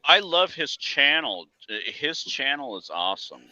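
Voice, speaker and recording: A man's voice: a little high, very animated, unhurried, pushed and bright, dull audio, a little hiss or hum. A man with a Wisconsin accent, a guest in a casual live-stream chat, joking, laughing and swearing loosely over a video call. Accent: Upper Midwest, Wisconsin.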